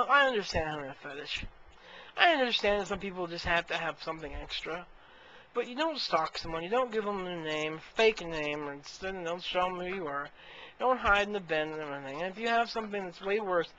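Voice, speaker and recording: A man's voice: sits high, bright, forceful tone. A man rambling in an exasperated, casual rant to the camera on a webcam mic. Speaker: video blogger. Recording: muffled lo-fi audio with faint hiss.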